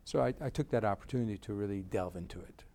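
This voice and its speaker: An older man speaks in an interview with a low, gravelly voice. He explains his work in a reflective, unhurried way and often stops to restart a sentence. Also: warm tone. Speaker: research center director. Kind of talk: interview conversation.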